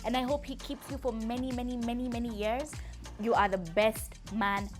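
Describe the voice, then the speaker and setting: A woman's voice: fairly high pitch, fairly even intonation, normal speed, music in the background. A young woman, fondly addressing her father in a chatty, giggly, emotional way. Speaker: vlogger. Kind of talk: heartfelt personal address.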